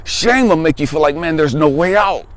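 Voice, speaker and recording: Animated, emphatic man in his fifties. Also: on the high side, normal speed, no room sound. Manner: emphatic, conversational, repeats phrases for weight. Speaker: spiritual life coach. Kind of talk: personal testimony monologue.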